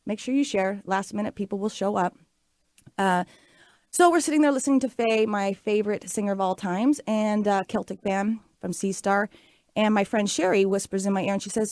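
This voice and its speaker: A woman's voice: medium pitch, a little fast, no room sound. Chatty woman host telling stories, dry sound. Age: 40s. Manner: chatty, storytelling, upbeat with fillers. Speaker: radio show host. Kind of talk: casual talk show monologue.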